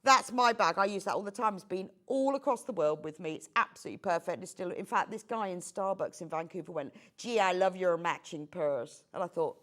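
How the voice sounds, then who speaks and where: A woman's voice: medium pitch, expressive, fast talker, hardly any pauses, fairly bright tone. A middle-aged woman presenting a live home-shopping show, chatty and gushing with enthusiasm.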